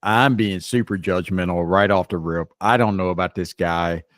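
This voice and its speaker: Low-pitched man, casual co-host, teasing and rambling, dry close mic. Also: fairly even intonation, moderate pace, a bit bright, dry recording. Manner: playfully judgmental, rambling with restarts. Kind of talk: casual group chat.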